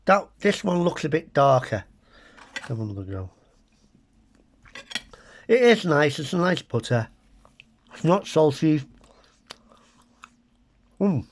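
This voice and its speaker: A middle-aged British food vlogger with a fairly high voice tastes food on camera, chatting casually and comically with wry, muttered asides to his viewers. He's very animated yet speaks at a slow pace, pausing often.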